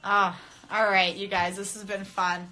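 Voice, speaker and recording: Soft music plays behind a young adult woman fighter in mixed martial arts as she talks casually to her viewers on a phone live stream, blunt, profane, and quick to laugh. Her mid-range voice is level, a little slow, pushed and bright, recorded through the phone camera.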